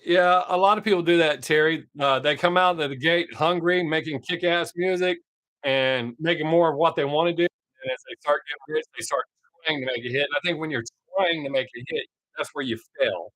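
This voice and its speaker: A man's voice: on the high side, a little fast, a bit bright, no room sound. A man hosting his own live stream, chatting casually with viewers, reading their comments and swearing freely. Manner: profane, laid-back, talks to chat viewers by name.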